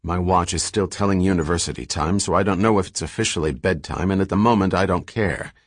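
A man's voice: deep voice, fast talker, dry recording, studio quality. A man playing an earnest, wry male scholar who gets insistent and exasperated, read in an audiobook. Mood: tired.

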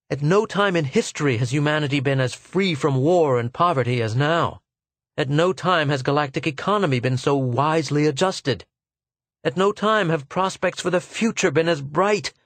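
A man's voice: fairly high pitch, dry recording, close to an everyday voice. An earnest male scholar of a star empire, as a narrator acts him out, argues with emphatic, rising force. His plea is persuasive and impassioned. The sound is dry and close.

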